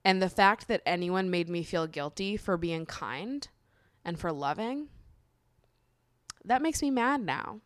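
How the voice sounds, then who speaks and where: Candid low-voiced woman venting. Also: expressive, unhurried, long pauses, no echo, clean studio sound. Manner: candid, heated, lots of "like" and swearing. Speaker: podcast host. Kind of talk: personal monologue.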